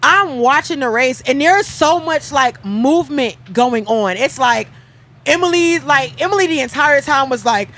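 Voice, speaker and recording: Brief: high-voiced woman track commentator, animated, dramatic storyteller. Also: unhurried. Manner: playful, dramatic, acts out quotes. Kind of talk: animated casual race recap. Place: outdoors at a stadium.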